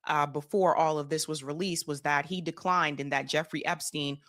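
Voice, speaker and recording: Low-voiced woman giving pointed commentary. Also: steady tone, moderate pace, fairly bright tone. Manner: pointed and emphatic, addresses the audience directly. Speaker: online news commentator. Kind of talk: commentary on a news clip to viewers.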